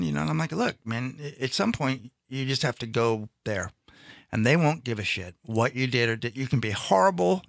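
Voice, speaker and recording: A man speaking at a middle pitch in loose, rambling conversation, stopping and restarting his thoughts as he goes. The sound is dry and close, with no room echo. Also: creaky, fairly bright tone. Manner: rambling, self-interrupting, frequent restarts. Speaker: stand-up comedian guest. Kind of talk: casual chat.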